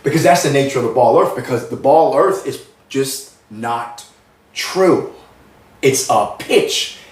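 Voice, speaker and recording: This American spiritual channel host has a middle-pitched voice and a measured pace. His earnest monologue wanders, repeating itself and circling back, and the roomy sound is picked up from some distance.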